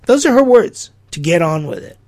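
A man's voice: fairly high pitch, sing-song, moderate pace, vocal fry, a little mellow. A middle-aged man hosting a podcast, talking through an opinion monologue in an incredulous, rhetorical way. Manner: incredulous, rhetorical, acts out quotes. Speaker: podcast host.

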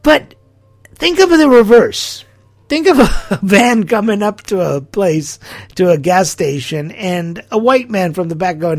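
Gravelly middle-aged man, podcast commentary. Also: high voice, lively intonation, slow, faint music behind. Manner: incredulous, rhetorical, acts out quotes. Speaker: podcast host. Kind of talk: opinion commentary monologue.

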